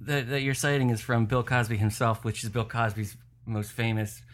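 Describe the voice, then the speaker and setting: A man in casual podcast chat, telling comedy-world stories in a relaxed way and laughing at his own points. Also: medium pitch, normal speed. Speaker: comedy insider guest.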